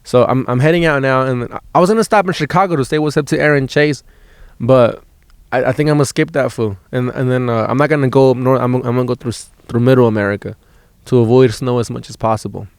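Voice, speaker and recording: A man's voice: medium pitch, fast talker, gravelly, smooth, dry recording, clean studio sound. A man, a stand-up comedian on a road trip, telling a rambling story in a casual, profane way, often restarting his words and laughing as he goes.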